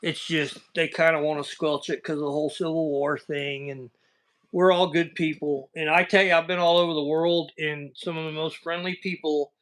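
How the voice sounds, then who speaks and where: A man's voice: fairly high pitch, level tone, moderate pace, fairly bright tone. A man with a Southern American accent hosting a casual livestream chat, telling rambling, folksy stories over a video call. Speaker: livestream host.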